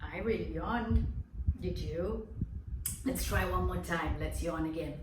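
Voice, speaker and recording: A woman leads a children's drama lesson, speaking slowly and clearly. She sounds a little far from the mic in an echoey room, with clear background noise. Her pitch sits in a middle range. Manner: slow, clear, encouraging teacher talk to young children. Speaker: kindergarten drama teacher.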